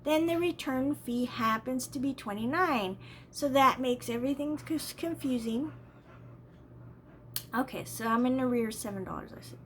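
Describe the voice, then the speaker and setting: A woman's voice: high-pitched, moderate pace, fairly bright tone, a little hiss or hum. A woman vlogger telling a rambling, exasperated story in a casual way, often repeating herself.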